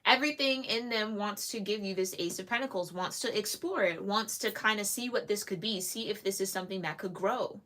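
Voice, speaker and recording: This medium-pitched woman talks a little fast, barely pausing, as she reads tarot cards to camera on her own. She keeps it chatty and giggly, with lively asides throughout.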